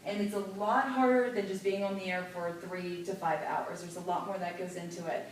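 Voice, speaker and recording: A woman radio host teaching a class, lively and demonstrative, stressing clear enunciation. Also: on the low side, brisk, a little hiss or hum. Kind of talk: classroom lesson. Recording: echoey room picked up from far.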